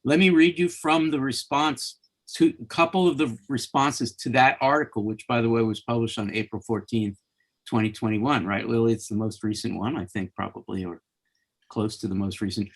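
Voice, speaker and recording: A man's voice: mid-range voice, fairly even intonation, moderate pace. A man hosting a conversation, reading audience and reader comments aloud, stammering slightly when he starts a thought. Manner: stammers on starts, reads quotes in lifted voice. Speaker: host, interviewer.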